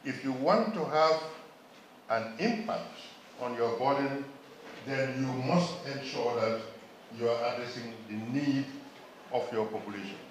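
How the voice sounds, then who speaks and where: A man's voice: mid-range voice, measured pace, a little hiss or hum. A man from Gambia giving an emphatic public health lecture at a symposium, putting questions to the audience. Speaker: symposium speaker. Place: conference hall. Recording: very echoey hall.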